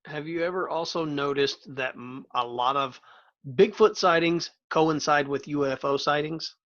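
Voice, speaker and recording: A man with a high voice hosts a casual podcast and spins a playful, rambling story. The sound is a little dull and lo-fi. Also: normal speed, a bit bright. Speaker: podcast host. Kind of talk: casual chat.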